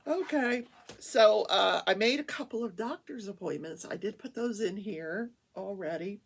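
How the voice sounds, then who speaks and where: A woman hosting a crafting talk show, chatting in a rambling, animated way from a small home studio. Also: mid-range voice, unhurried, creaky, husky. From Wichita, Kansas, USA. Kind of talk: casual chat while crafting.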